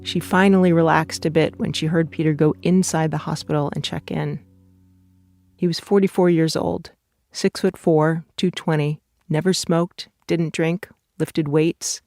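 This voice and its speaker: A narrator reading scripted documentary narration in a measured, even way. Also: medium pitch, no echo, clean studio sound.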